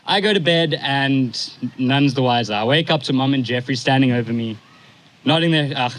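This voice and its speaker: A man's voice: mid-range voice, a bit bright, poor audio. Young guy doing a eulogy, casual storytelling, lots of ums and restarts, stops to collect himself. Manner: halting, casual, pausing to compose himself. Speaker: stepson giving a eulogy.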